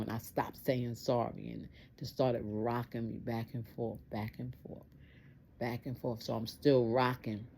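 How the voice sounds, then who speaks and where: Woman telling a personal story, gravelly, dark mellow tone, earnest and repetitive. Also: extremely low pitch, fairly even intonation, measured pace, a little hiss or hum. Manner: earnest, repeats phrases for emphasis.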